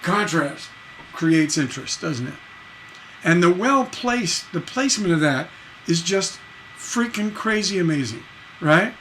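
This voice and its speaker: This songwriting teacher keeps things casual and conversational, explaining eagerly and slipping into sung snippets and scatted rhythms. His voice is high-pitched and a bit bright, with a little hiss or hum behind it.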